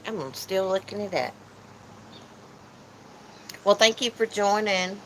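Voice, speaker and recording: A woman's voice: medium pitch, animated, slow, fairly bright tone, a little hiss or hum, low-quality recording. A woman hosting a casual livestream chat from her porch, teasing and reading comments aloud. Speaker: channel host. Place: porch outdoors.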